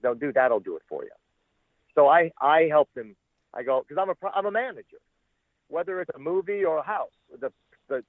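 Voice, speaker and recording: A man's voice: fairly high pitch, no room sound. Man telling stories over a tinny phone line. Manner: rambling, profane, acts out quoted people. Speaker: interview guest, former talent manager. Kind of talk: casual storytelling interview.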